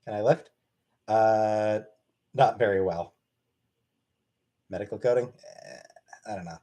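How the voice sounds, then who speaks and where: A man's voice: lowish voice, slow, mellow. A man casually answering questions from his live-stream chat in a blunt, offhand way.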